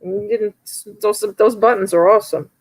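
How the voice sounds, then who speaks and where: A woman's voice: mid-range voice, moderate pace, rough recording. A woman with a New York accent calling a live online auction, chatty and teasing bidders by name.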